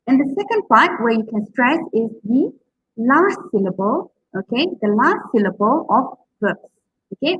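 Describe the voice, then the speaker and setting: A woman's voice: fairly high pitch, slightly rough, no room sound, dull audio. A woman giving a university lecture on public speaking, often checking in with "okay?" and drawing out words to model their stress.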